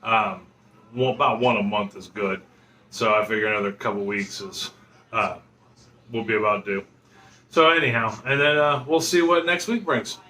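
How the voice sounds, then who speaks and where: A man's voice: on the low side, steady tone, normal speed, sharp tone. A man chatting casually in his home kitchen as he tastes the dish he cooked, rambling with lots of ums and uhs. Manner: rambling, filler-heavy, folksy. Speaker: home cooking vlogger. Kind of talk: casual cooking vlog chat.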